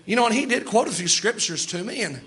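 A man preaching a sermon in an emphatic style, slowing down to stress key lines and acting out quoted voices. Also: high voice, lively intonation, fairly bright tone.

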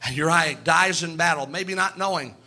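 A man's voice: on the high side, normal speed, sharp tone. A man preaching a sermon, telling Bible stories and acting out the characters' voices, building up with emphatic repetition. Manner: storytelling, acts out Bible characters in quoted voices.

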